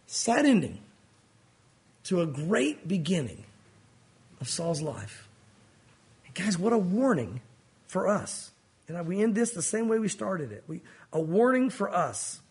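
A man's voice: sing-song, measured pace, pauses often, darkish tone, slightly rough. A man preaching a sermon as a pastor, earnest and pleading, often rising and dropping his voice for emphasis. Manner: earnest, pleading, rises and falls in pitch for emphasis.

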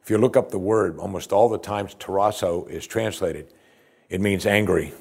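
A man's voice: sits low, normal speed, gravelly, a little mellow, slightly rough. A male pastor preaching a sermon in a conversational, expository way, with emphatic rises.

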